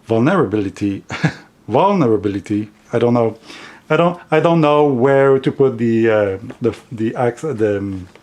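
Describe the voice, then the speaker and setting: A man speaks English in a non-native accent, taking his time in an unhurried, halting way. His tone is gentle and reflective as he chats to camera in a casual vlog, with soft laughs along the way. His voice sits at an ordinary middle pitch. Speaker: card deck vlogger.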